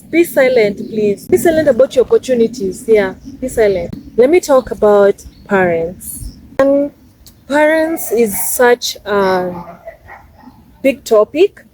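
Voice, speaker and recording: A woman's voice: high voice, animated, slow, dark tone, a little hiss or hum, poor audio. A Kenyan woman in her twenties giving emphatic, casual life advice in a vlog, repeating her points for stress. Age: 20s. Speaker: vlogger.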